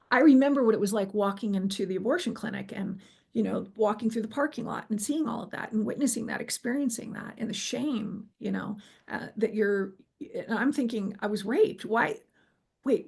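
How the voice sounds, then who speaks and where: A woman sharing her near-death experience in an earnest, halting way, restarting sentences and quoting her own thoughts. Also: a little high, creaky, a little mellow, husky. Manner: earnest, halting, with many restarts and quoted inner voice. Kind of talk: emotional personal storytelling.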